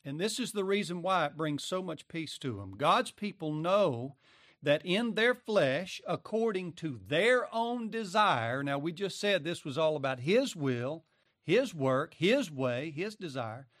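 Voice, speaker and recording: A man preaching a sermon with dramatic delivery, acting out quoted voices and pausing often. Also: on the high side, big pitch swings, a bit bright, no room sound, studio quality.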